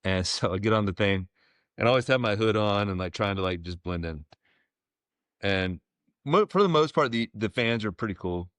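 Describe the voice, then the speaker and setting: A man in his forties, a former ballplayer, telling stories as a podcast guest in a relaxed, rambling way with plenty of fillers. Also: on the low side, moderate pace, dry recording. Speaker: guest, former pro baseball player. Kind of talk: casual storytelling interview.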